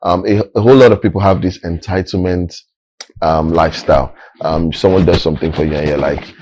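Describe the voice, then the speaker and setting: A Nigerian man hosts a TV show in a deep, husky voice. His tone is mellow and dry, and he jokes his way through casual banter with plenty of fillers. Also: a little fast, poor audio. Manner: playful, joking banter with many fillers. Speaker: TV show host. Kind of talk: casual TV studio chat.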